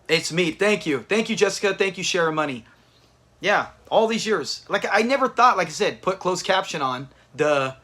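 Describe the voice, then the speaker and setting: High-voiced man chatting on a live stream. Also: expressive, moderate pace, pushed and bright. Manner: chatty, reads out viewer names, restarts often. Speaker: host of a live watch party. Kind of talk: casual live-stream chat with viewers.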